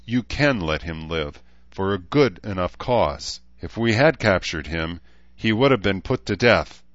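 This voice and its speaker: A man voicing a calm, thoughtful male noble commander who explains things in a reasoned, measured way, in an audiobook. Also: fairly low pitch, no room sound, dull audio. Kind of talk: audiobook character voice.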